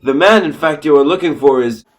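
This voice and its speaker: A man's voice: a little high, brisk, background noise, lightly acted. A man voicing a lovesick rich young man with a put-on posh manner in a student comedy play, breezy and smug.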